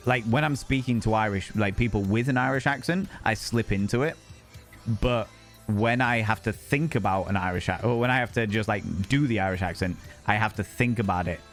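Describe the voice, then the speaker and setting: A young man with a Northern English Hull accent, chatting casually with his live chat as a streamer, joking and swearing freely. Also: fairly low pitch. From England. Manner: swears freely, jokey, slips into other accents.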